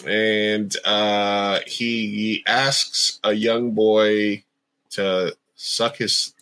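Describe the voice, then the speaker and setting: A man's voice: lowish voice, flat delivery, extremely slow, pushed and bright, clean tone. A man co-hosting a podcast in casual chat, hesitant and hedging, full of fillers and restarts. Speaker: podcast co-host.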